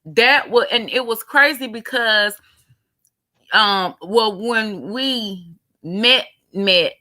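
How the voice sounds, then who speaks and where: A woman's voice: a little high, extremely slow, bright, forceful tone. A woman co-hosting a podcast in a casual chat, talking freely with many fillers. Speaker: podcast co-host.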